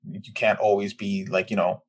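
Man, voice actor, low voice, earnest, stop-start answers on a video call. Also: level tone, darkish tone, a little hiss or hum. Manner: halting, restarts, earnest. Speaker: voice actor on the podcast. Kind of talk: casual cast Q&A on a video call. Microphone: video call mic.

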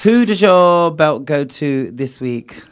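A man's voice: fairly high pitch, expressive, slow, noisy background. A man hosting a podcast in casual chat, playful and theatrical. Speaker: podcast host.

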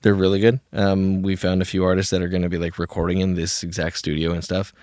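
Casual young man hosting a podcast, low voice. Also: level tone, fast, darkish tone, dry recording, clean studio sound. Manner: loose, swears often, many fillers. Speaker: podcast host. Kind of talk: casual chat. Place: small home studio.

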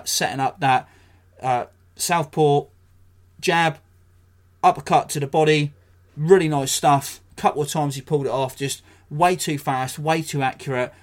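English man, podcast host, blunt, sweary, ranting, dry humour, mid-pitched voice. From England. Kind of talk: solo podcast commentary.

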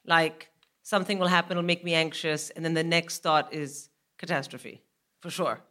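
On a live podcast, a comedian guest, a woman in her forties, tells an animated comic anecdote with laughter in her voice. She sits low and speaks at a moderate pace.

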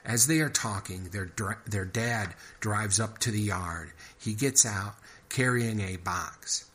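Man, low voice, podcast host, rambling, thinking aloud, repeats phrases. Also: slow pace, a bit bright. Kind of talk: casual rambling commentary.

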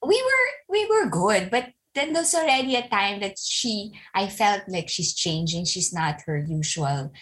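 A woman's voice: mid-range voice, very animated, unhurried, a bit bright, low-quality recording. A middle-aged woman with a Filipino accent, a parenting coach telling a personal story in a chatty way, laughing often. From Philippines. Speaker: conscious parenting coach, guest. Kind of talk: casual interview talk, personal storytelling.

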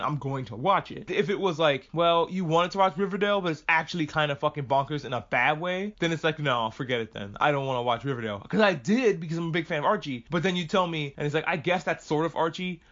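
A man rants his way through a show recap at a brisk clip, cursing casually and wandering into tangents. His voice sits a little on the high side. The recording sounds muffled and lo-fi. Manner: profane, animated, jumps between tangents. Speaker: podcast host.

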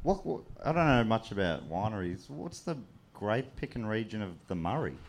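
A man's voice: on the low side, sing-song, moderate pace. A man with an Australian accent bantering casually, swearing and throwing in jokes. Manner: swearing, joking interjections. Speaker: podcast co-host.

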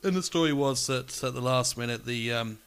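A man's voice: mid-range voice, fairly quick, a bit bright, smooth. A man in casual podcast chat, telling an anecdote with dry, wry asides.

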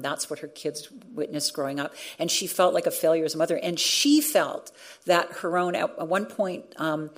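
Middle-aged woman, radio journalist, earnest storytelling, slightly low pitch, frequent restarts. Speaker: radio journalist and former show host. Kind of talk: reflective storytelling in a conversation.

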